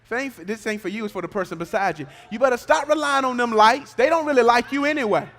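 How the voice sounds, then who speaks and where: A man with a Southern US accent preaching a sermon, swinging between hushed asides and shouted calls to the congregation. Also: very high voice, quick pace. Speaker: pastor. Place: church sanctuary. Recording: church hall reverb.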